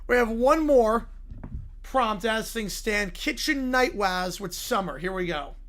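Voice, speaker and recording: A man casually hosting a livestream, relaxed and reacting as he reads viewer messages aloud. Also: high-pitched, measured pace. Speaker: livestream host.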